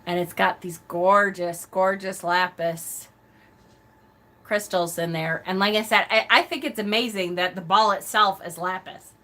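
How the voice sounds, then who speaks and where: A woman hosting a casual live stream, a self-described loud talker who gushes and laughs often. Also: medium pitch, steady tone, unhurried.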